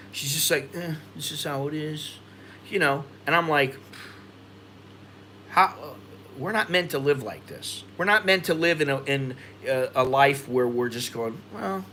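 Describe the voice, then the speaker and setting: American guy, vlog host, bright forward tone, rambling, frustrated, faint background noise. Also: mid-range voice. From United States. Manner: rambling, frustrated, repeats himself. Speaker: expat vlogger. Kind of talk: livestream chat reading viewer comments.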